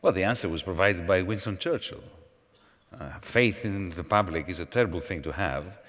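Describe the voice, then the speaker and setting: A man speaking as a panel guest at a conference, in a measured, professorial manner with false starts. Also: low-pitched, fairly bright tone. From Greece. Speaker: panel guest, former finance minister. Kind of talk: onstage panel conversation. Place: large conference hall. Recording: long hall reverb.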